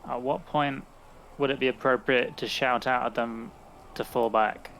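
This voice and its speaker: A man plays in a tabletop game and lays out his character's moves calmly and plainly. His voice sits at a lowish middle pitch, with faint ambient noise in the background. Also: unhurried, creaky. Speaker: player. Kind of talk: casual tabletop play.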